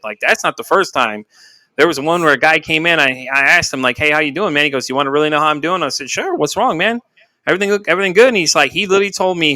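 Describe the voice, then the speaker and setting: A man's voice: a little high, pushed and bright, no echo, rough recording. A man hosting a podcast in casual chat, earnest and swearing freely as he retells conversations. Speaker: podcast host.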